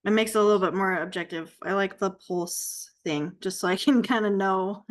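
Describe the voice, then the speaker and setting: A woman's voice: mid-range voice, normal speed. A woman on a coaching call as the client, agreeable and responding with short comments. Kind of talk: call conversation.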